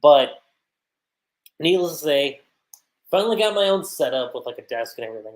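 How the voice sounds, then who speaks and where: A man chatting casually on a livestream as an anime reviewer, speaking from his home desk setup in an animated way. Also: on the high side. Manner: chatty, animated, acts out character lines in quick voices.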